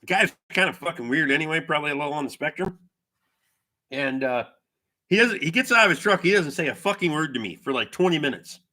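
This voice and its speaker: A man's voice: on the high side, animated, fast, bright, forceful tone. A middle-aged man hosting a livestream, telling rambling, profane stories and reading viewer comments aloud. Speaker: livestream host. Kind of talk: casual storytelling chat with viewers.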